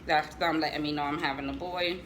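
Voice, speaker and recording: A middle-aged woman from the United States talks in a loose, chatty way, throwing in jokes and asides to her viewers. Her voice sits a little low but sounds bright and forceful. A faint room noise hums underneath. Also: steady tone, brisk, low-quality recording. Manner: chatty, joking asides to viewers, laughs often. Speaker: vlogger showing family photos. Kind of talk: casual chat to viewers.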